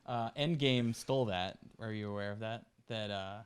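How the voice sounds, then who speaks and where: A man's voice: fairly low pitch, normal speed, clear, resonant tone. A man co-hosting a podcast, joking in casual chat. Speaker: podcast co-host.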